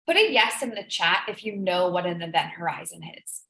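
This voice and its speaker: A woman on the low side, fairly quick, with lively intonation and a bright, forceful tone, hosts a live business coaching stream. Her motivational talk is earnest and emotional, she repeats phrases for emphasis, and the room echoes.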